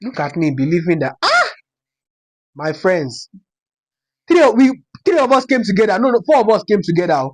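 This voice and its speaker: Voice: mid-range voice, sing-song, fairly quick. Dramatic Nigerian-accented young storyteller. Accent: Nigerian, Yoruba-inflected. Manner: dramatic, repeats phrases for effect. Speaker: storytime vlogger. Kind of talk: casual storytelling.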